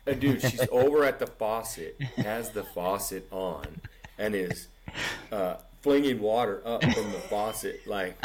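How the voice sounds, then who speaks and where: Deep-voiced man telling a rambling story. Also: measured pace, crowd noise. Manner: animated, rambling, says "dude" constantly. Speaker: podcast co-host. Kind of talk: casual storytelling chat.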